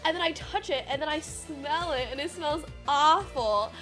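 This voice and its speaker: High, lively rambling young woman streamer. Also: moderate pace, over loud music. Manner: animated, rambling with many fillers and swears. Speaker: livestreamer. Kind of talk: casual stream chat, storytelling.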